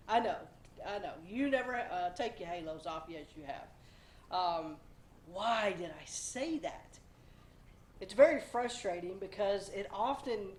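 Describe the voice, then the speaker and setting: A woman's voice: lowish voice, darkish tone, slight background noise. Chatty woman hosting a home devotional. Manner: chatty and self-deprecating, with playful asides. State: a bit under the weather. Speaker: devotional host. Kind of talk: casual devotional talk. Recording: roomy, slightly echoey home recording.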